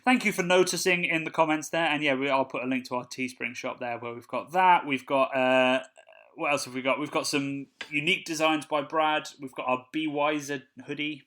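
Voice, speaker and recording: A man's voice: fairly high pitch, brisk. Jokey man hosting a podcast. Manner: relaxed, jokey, laughs easily. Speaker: podcast co-host. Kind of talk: casual chat.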